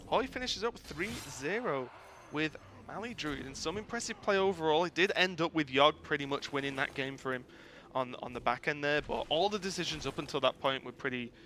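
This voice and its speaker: A man casting a live esports match at a tournament venue, talking in quick, chatty play-by-play full of fillers. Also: fairly high pitch, sharp tone, a little hiss or hum. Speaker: esports caster. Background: music.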